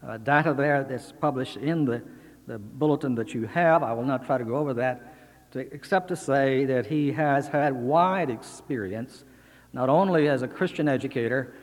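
A man formally introducing a guest lecturer, speaking in a measured, slightly halting way. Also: medium pitch. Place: lecture hall. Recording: long reverb from a large hall.

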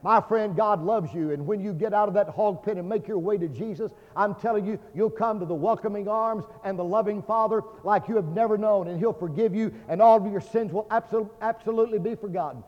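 A Baptist pastor preaching a fervent sermon, swinging between loud declarations and hushed tones. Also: male voice, high voice, a little fast, few pauses. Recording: dull lo-fi sermon recording with long hall reverb.

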